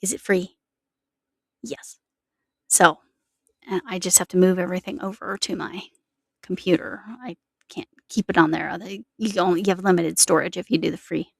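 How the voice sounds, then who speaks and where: A woman's voice: lowish voice, fairly even intonation, moderate pace, vocal fry, pauses often, no room sound. A woman chatting to camera in a rambling, self-correcting way while showing snacks and yarn. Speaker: crochet vlogger. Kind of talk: casual chat to camera.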